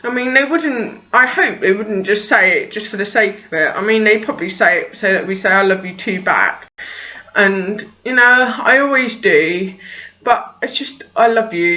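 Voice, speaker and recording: A woman's voice: medium pitch, sharp tone, lo-fi sound. A young woman chatting casually about parenting in her vlog, rambling and full of "like" and "just". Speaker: parenting vlogger.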